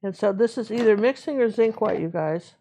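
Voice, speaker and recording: A woman's voice: medium pitch, brisk, slight background noise. Chatty woman teaching painting live. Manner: relaxed, chatty, talks to herself while working. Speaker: painting instructor.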